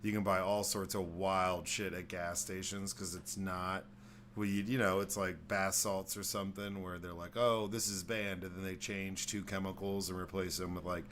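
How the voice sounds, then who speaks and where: Low-voiced man telling rambling stories. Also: flat delivery, normal speed, fairly bright tone, slight background noise. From Texas. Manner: rambling storyteller who acts out voices, swears freely. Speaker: podcast host. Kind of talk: casual chat.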